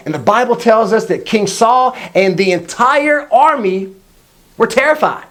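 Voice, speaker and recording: A man telling a Bible story to young people in a casual, energetic way, acting out the quotes. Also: very high-pitched, unhurried. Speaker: youth faith video teacher.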